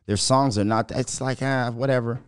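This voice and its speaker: A man hosting a podcast, ranting in a profane, animated, mocking way and laughing between remarks. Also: mid-range voice, moderate pace, smooth, no echo, studio quality. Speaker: podcast host. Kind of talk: casual commentary rant.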